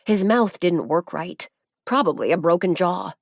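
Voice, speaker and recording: A woman with a fairly low voice narrates an audiobook in a measured, even storytelling style. The recording is dry, with clean studio sound.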